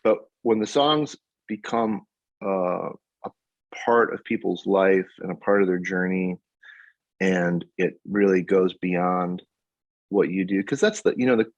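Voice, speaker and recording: A man's voice: deep voice, a little slow, no room sound. A man in his fifties, a guest songwriter in a casual interview, telling stories with animation and frequent laughter. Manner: animated storyteller, laughs often. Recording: dull lo-fi audio.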